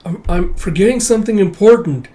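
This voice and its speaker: A man reading a comic aloud and voicing a frightened young girl in a high squeaky falsetto that cries out in panic. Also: huge pitch swings, slow pace, dark tone, heavily acted. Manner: shrill, cries out.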